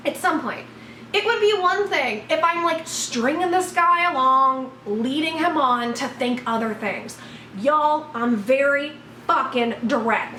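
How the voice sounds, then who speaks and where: A high-voiced woman tells a story straight to camera, blunt and expressive, with swearing all through it. Her pitch swings widely. She sits back from the mic in an echoey room with a little hum behind her. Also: far from the mic. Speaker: vlogger. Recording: roomy echo, voice from off the mic, faint room noise.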